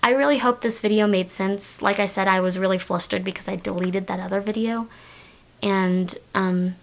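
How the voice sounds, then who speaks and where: A young woman with a Southern US drawl talks straight to her camera in a loose, chatty vlog. She rambles along, filling her pauses with ums and likes. Her voice sits at an ordinary middle pitch for a woman. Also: steady tone, creaky. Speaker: collab channel vlogger. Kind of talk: casual vlog monologue.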